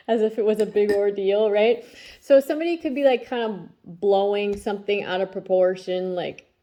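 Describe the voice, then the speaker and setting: In an unhurried, warm, mid-range voice, a thirty-something tarot reader talks casually about her day and her children for her spiritual vlog. She's chatty and keeps checking in with "okay?" as she goes.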